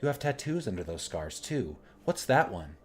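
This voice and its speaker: A man voicing a sweet, timid young woman who talks gently and apologetically while reading game dialogue. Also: lowish voice, sing-song, moderate pace. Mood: curious.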